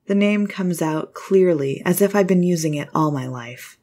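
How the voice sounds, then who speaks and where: A woman reads a first-person story aloud in a scripted narration style. Her voice is low for a woman's. Her delivery is measured and even.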